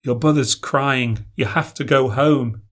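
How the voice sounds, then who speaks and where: A man voicing a stern, bossy little girl of about six in a spoken ghost story, speaking quietly and firmly. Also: mid-range voice, a little slow. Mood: scolding.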